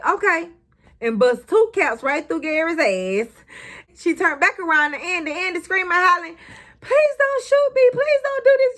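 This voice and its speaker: Woman, young adult, high-pitched, blunt, sassy, casual TV recap. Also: fairly bright tone. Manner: sassy, blunt, swears, talks to the characters. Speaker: recap vlogger.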